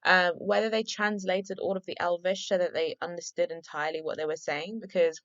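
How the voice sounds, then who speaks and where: A woman's voice: lowish voice, a bit bright, no echo, muffled recording. A woman vlogger reacting to a film she is watching for the first time, effusive and gushing, talking with lots of casual fillers. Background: film soundtrack music.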